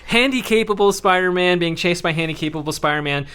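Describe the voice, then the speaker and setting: A man hosting a podcast, ranting in an animated way about a film in casual, profanity-laced talk. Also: high-pitched, quick pace, clear, resonant tone. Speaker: podcast host.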